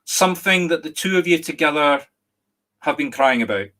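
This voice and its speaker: Scottish man giving a gentle, halting reading. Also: fairly high pitch. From Scotland. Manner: gentle, apologetic, halting with many restarts; emotional, near tears at times. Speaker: psychic medium. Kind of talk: live online reading.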